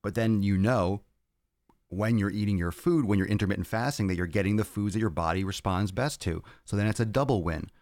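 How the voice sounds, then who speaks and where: A man with a very deep, low voice answers fan questions on his fitness podcast. He is blunt and profane and rants at times. The sound is dry and close, with no room around it. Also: fairly quick, darkish tone, dry recording. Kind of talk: casual Q&A answering viewer questions.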